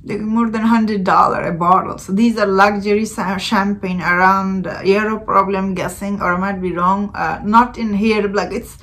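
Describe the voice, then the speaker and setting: Bright-voiced chatty woman reviewing a film. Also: moderate pace, hardly any pauses. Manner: chatty, many fillers and laughs, expressive rises in pitch. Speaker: movie reviewer. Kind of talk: casual spoken film review.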